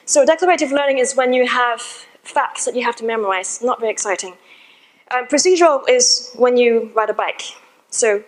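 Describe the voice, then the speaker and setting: A woman's voice: a little high, rough recording. A woman giving a talk to a live audience, telling a story in a chatty, informal way. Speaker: conference speaker. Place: in front of a seated audience.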